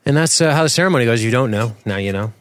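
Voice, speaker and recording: A man's voice: mid-range voice, expressive, very fast, no room sound. A man co-hosting a podcast in casual chat, rambling and joking with lots of fillers and self-corrections. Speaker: podcast co-host.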